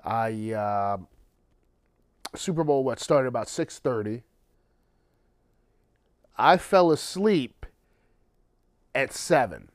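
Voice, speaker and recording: Slow, profane ranting man, podcast host. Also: mid-range voice, lively intonation, no room sound, clean studio sound. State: tired, late at night. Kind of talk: casual solo monologue.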